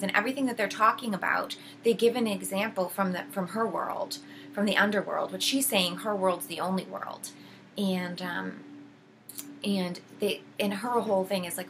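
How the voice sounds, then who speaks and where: A woman's voice: medium pitch, steady tone, moderate pace, a bit bright, a little hiss or hum, poor audio. A woman casually retelling a book's plot, rambling with many fillers and restarts. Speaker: video host.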